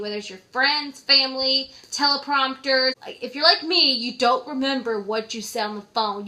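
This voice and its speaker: A woman's voice: high voice, sharp tone. A young adult woman talking to camera in a chatty way, with many filler "likes", while giving advice. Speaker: vlogger. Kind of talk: casual advice vlog.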